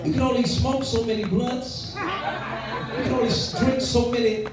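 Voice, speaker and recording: High-voiced preacher in an echoey church. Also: male voice, flat delivery, moderate pace, a loud crowd. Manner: preaching with call-and-response fervor, storytelling. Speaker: pastor. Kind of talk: sermon. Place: large church sanctuary. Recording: echoey church hall from far off with music.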